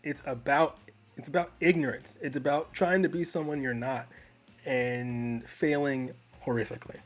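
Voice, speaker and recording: A man co-hosting a film review podcast, talking in an animated way with frequent laughs and restarts. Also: mid-range voice, moderate pace, dull audio, soft background music. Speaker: podcast co-host. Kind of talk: casual film review chat.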